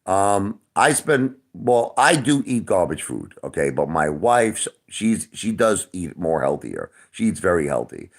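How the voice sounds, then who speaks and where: A man's voice: sits low, sing-song, unhurried, few pauses. A man in his forties answering his chat on a casual livestream, defensive and repetitive, who keeps calling the viewers brother. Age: 40s.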